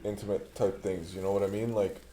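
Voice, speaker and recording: A young man, a podcast guest, telling stories in relaxed, slangy casual chat. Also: lowish voice, fairly quick.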